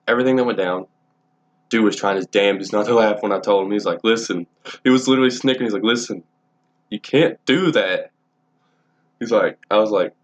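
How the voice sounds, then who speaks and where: A young man with a fairly low voice tells a story casually, rambling and swearing with plenty of false starts. The sound is dull and lo-fi. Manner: rambling, profane, frequent restarts. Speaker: vlogger.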